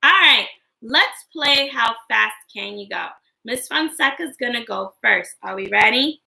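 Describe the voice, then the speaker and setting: Woman teacher, slow and sing-song with kids, bright tone with some vocal fry. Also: fairly high pitch, animated, rough recording. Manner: slow, sing-song, encouraging teacher talk to young children. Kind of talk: classroom lesson livestream.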